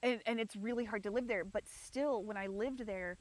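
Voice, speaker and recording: A woman livestreaming from a rock garden outdoors, her talk meandering and candid, sprinkled with curses. Her voice sits at a middle pitch. The sound is dry, with no room echo. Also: normal speed. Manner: meandering, frank, swears often. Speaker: livestream host. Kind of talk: rambling personal chat.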